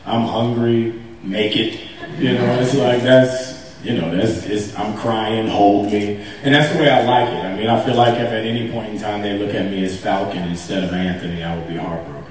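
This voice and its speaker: A man's voice: fairly low pitch, fast talker, hardly any pauses, slight background noise. Laughing man telling stories in an echoey hall. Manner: animated, laughing, acts out quotes with a raised voice. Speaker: actor on a convention stage panel. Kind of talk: casual storytelling on stage. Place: large convention hall. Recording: echoey hall, mic heard from a distance.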